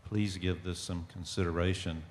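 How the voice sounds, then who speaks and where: A man's voice: low voice, little pitch movement, moderate pace. A man making an earnest, appealing public comment at a city council meeting. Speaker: resident speaking at public comment. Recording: reverberant council chamber.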